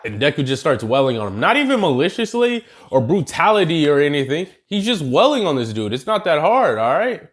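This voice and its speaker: Young guy YouTuber, slangy casual storyteller, very lively pitch, fairly high voice. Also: normal speed. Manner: slangy, animated, addresses viewers as y'all. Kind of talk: casual anime what-if storytelling.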